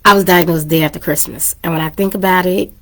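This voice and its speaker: A woman's voice: on the low side, fairly even intonation, quick pace, a bit bright. A woman in her thirties hosting her own podcast, talking casually and earnestly to listeners, getting emotional and teary at times. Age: 30s. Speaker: podcast host. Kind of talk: casual personal talk to listeners.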